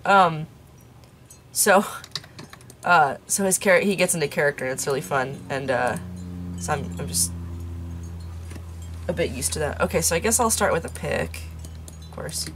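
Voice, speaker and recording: A young woman talks through her game in a low, lively voice that swoops up and down as she rambles along. She mocks her own mistakes and drops into half-whispered asides to herself. A faint hiss of noise sits under her voice. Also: normal speed, long pauses. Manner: rambling, self-mocking, mutters asides under her breath. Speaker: YouTuber playing a game. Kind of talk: let's play commentary. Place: room in her parents' home.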